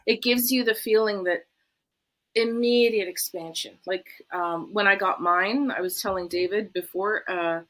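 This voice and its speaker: A woman guest talks with open enthusiasm, circling back to her points and tagging them with "right?". Her voice is bright and forward, with an everyday middle pitch. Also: a little slow. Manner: enthusiastic, repeats herself, says "right?" often. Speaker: interview guest. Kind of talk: casual chat.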